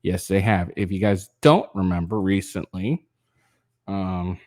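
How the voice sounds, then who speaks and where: A man's voice: sits low, steady tone, a little slow, warm tone, no room sound, studio quality. Tired, profane man ranting casually. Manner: rambling, profane, frequent fillers and restarts. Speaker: political commentary channel host. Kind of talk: casual reading of a news article with rants.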